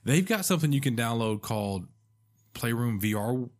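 A man's voice: mid-range voice, animated, a little mellow. A man hosting a podcast in casual chat, enthusiastic and joking. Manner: enthusiastic, joking, quick to laugh. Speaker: podcast host.

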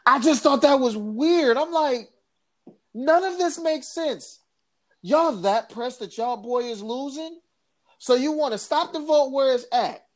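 A woman co-hosting a casual political podcast, talking in an animated, sarcastic way, with laughs and mocking impressions. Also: sits high, a little slow. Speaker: podcast co-host.

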